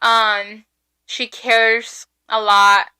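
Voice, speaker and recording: A young woman co-hosts a podcast in loose casual chat. She is loud, giggly and a bit chaotic. Her voice sits high and sounds bright. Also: flat delivery, drawn-out words, smooth. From Hispanic background. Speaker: podcast co-host.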